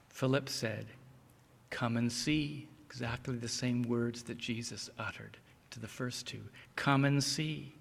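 A man preaching an expository sermon, reading scripture slowly and with deliberate emphasis. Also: mid-range voice, gravelly. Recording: long reverb of a large hall.

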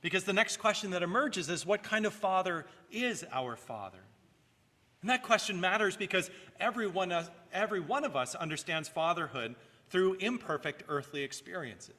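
A man's voice: high voice, animated, normal speed, sharp tone, long reverb tail. A male pastor preaching a sermon in an earnest way, rising and falling for emphasis and sometimes repeating a word.

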